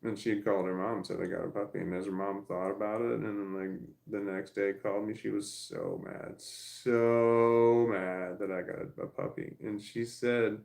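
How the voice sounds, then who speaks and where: A man's voice: fairly low pitch, lively intonation, fairly quick, vocal fry, few pauses, a little mellow, low-quality recording. A middle-aged man telling a long personal story in a casual, rambling way, full of restarts and swearing. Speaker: vlogger.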